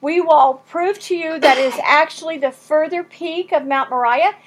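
A woman teaching verse by verse through a Bible passage, emphatic and animated, acting out quoted lines. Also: sits high, normal speed.

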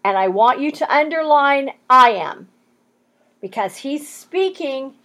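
A woman teaching verse by verse through a Bible passage, emphatic and animated, acting out quoted lines. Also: high-pitched, slow pace.

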